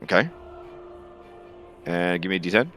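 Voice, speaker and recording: A man narrating as game master of a tabletop game, with a relaxed, hesitant delivery full of fillers. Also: deep voice, normal speed. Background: faint music.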